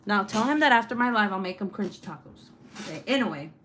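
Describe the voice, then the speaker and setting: A woman's voice: mid-range voice, lively intonation, fast talker, a bit bright, slight background noise. A woman hosts her livestream in a loose, chatty way. She swears freely and breaks into laughter as she tells her stories. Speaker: livestream host. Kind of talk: casual chat and storytelling.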